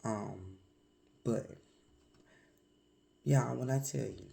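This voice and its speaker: A woman vlogger with a hoarse voice from a cold, speaking candidly and reflectively in a confessional vlog, with many pauses and fillers. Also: a bass voice, mellow.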